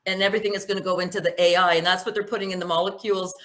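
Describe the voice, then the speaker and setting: A woman's voice: on the low side, level tone, racing, a bit bright. A woman giving a spoken presentation, emphatic and full of rhetorical questions.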